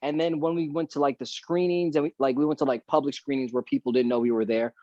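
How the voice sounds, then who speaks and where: Man, podcast guest, animated storyteller, dry close sound, muffled lo-fi audio. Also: mid-range voice, quick pace, no echo. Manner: animated storyteller, acts out quotes. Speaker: guest actor. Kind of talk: casual podcast chat.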